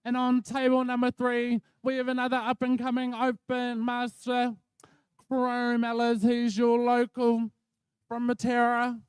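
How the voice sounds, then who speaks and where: A man's voice: very high voice, measured pace, clean tone, dry recording. A man giving expert play-by-play, explaining each step of the wool handling. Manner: explains each step in a steady, even flow. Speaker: expert commentator. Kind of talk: live play-by-play commentary.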